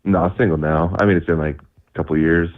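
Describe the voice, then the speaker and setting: A man's voice: low voice, fairly even intonation, brisk. A young man calling in on a phone line, chatting casually in a rambling way, laughing often and saying "like" and "dude" a lot. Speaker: caller.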